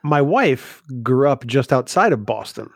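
A man's voice: medium pitch, sing-song, a little slow, vocal fry, no echo. A man, telling family stories in a casual chat with dry humor. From New Hampshire. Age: 50s.

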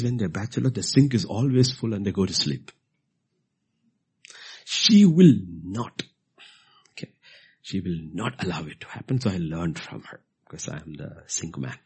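A middle-aged man preaching a sermon, repeating key phrases and swinging from hushed whispers to loud emphatic bursts. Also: mid-range voice, breathy edge.

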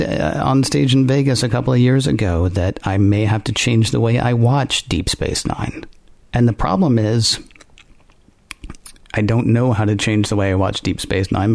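A man's voice: lowish voice, gravelly, a little mellow, dry recording. A man co-hosting a podcast, thinking aloud in casual talk and rambling through restarts. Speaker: podcast co-host.

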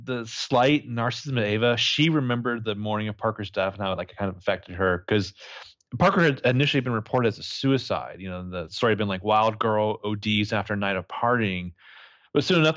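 A man co-hosting a casual podcast recap of a novel, animated and swooping into high voices when quoting characters. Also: no room sound, highs cut off. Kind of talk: casual chat.

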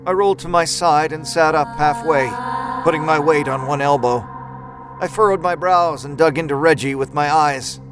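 A man narrating a horror story in a measured, dramatic storytelling manner. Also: fairly high pitch, poor audio. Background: music score.

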